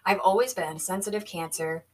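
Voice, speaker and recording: A woman hosts her own podcast in a solo monologue, speaking earnestly and reflectively as she coaches herself. Her voice sits at a middle pitch. She sounds a little away from the microphone. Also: fairly quick, distant mic, rough recording. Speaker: podcast host.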